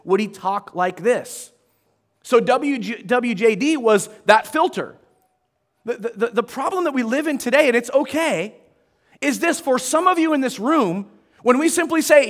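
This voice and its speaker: High-voiced pastor preaching casually. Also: male voice, lively intonation, moderate pace, fairly bright tone. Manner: conversational, self-deprecating, with asides to the congregation. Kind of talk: sermon. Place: church auditorium.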